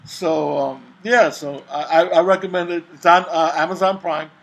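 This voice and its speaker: A man's voice: a little high, steady tone, normal speed, creaky, a bit bright, rough recording. A man co-hosting a casual chat about TV shows, rambling and hesitant, with many fillers and restarts. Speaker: show co-host.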